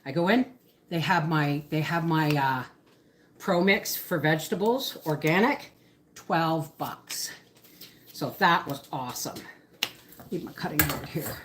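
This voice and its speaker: A woman's voice: low-pitched, expressive, unhurried, pauses often, a little hiss or hum. A woman, hosting a casual live stream from her home kitchen while cooking. She rambles and cuts herself off mid-thought. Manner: chatty, rambling, self-interrupting. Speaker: homesteading livestream host.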